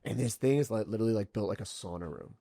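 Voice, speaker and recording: A man's voice: lowish voice, rapid-fire, creaky, warm tone, dry recording, studio quality. A man chatting on a podcast, telling long, profane stories in a loose, rambling way. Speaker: podcast guest and coach. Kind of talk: casual chat.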